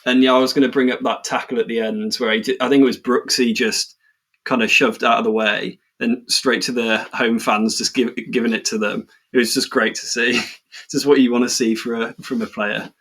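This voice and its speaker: A man co-hosting a football podcast, chatting in a relaxed way and often repeating words as he thinks. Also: mid-range voice, brisk, breathy edge. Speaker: podcast co-host. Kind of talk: casual football chat.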